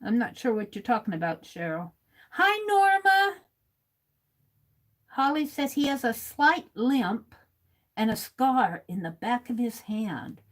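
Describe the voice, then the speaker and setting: A woman's voice: on the high side, lively intonation, a little slow. A woman hosting a livestream, reading viewers' comments aloud and chatting casually while she writes. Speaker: livestream host.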